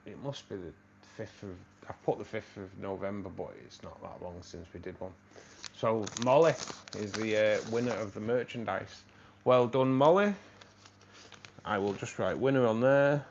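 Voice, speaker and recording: A man's voice: fairly low pitch, normal speed. A man hosting a live stream, chatting casually and thanking viewers by name. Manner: chatty, thanking viewers by name, laughs at his own jokes. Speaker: livestream host. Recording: slightly dull stream audio with faint noise.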